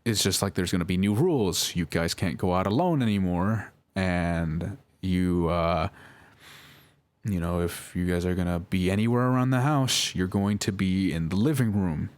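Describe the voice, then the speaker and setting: Guy quoting a chill dad setting new house rules, calm and measured, lowish voice. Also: close to an everyday voice. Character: calm supportive father laying down rules.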